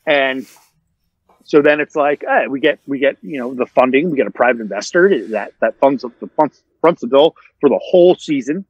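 A man's voice: medium pitch, moderate pace, slightly rough, no echo. A man, a podcast guest, telling a long casual story full of fillers and restarts. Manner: rambling, many fillers and restarts. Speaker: interview guest. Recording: dull, dry sound.

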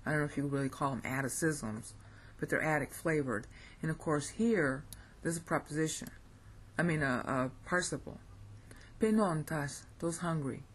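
With a deep, slightly breathy voice at a moderate pace, this American woman teaches Greek casually. She reads phrases aloud, reasons through them audibly, and fixes her own mistakes along the way.

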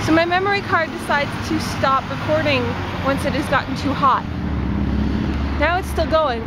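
A woman vlogging casually and joking while she walks down a street, recorded on a handheld camera. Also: sits high. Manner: chatty and joking. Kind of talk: casual vlog chat. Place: outdoors on a town street, walking. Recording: loud street traffic noise.

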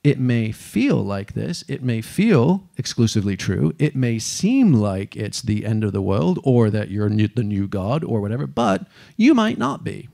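A man giving a lively stage talk, animated and casual, cursing now and then and acting out the people he quotes. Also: fairly low pitch, normal speed, gravelly, few pauses. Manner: animated, swearing, acts out quotes. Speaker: speaker.

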